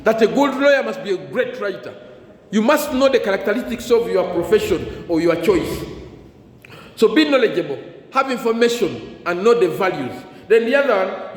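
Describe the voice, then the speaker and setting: A man with a high-pitched, sing-song voice talks careers with a class of school students at a normal speed. His sentences trail off into blanks that the class fills in, call-and-response fashion, and the recording carries the echo and faint ambience of a hall.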